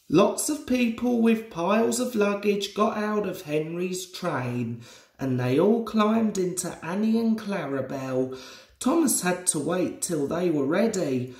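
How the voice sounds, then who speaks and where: A young man in his twenties reading a children's storybook aloud as a storyteller. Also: high voice. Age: 20s. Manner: slow, lively storybook reading. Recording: roomy echoey room.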